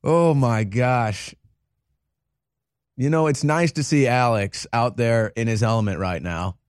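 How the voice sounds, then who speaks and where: An emphatic male host delivering live commentary in a ranting, insistent way. His voice sits at a middle pitch. The sound is dry and close, with no room echo. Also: a little slow, clear, resonant tone.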